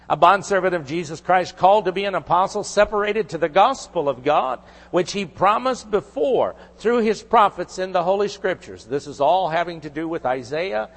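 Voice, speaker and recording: High-voiced man preaching in a reverberant hall. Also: lively intonation, moderate pace. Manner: earnest preaching, rising to emphatic declarations. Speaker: pastor. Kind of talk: sermon.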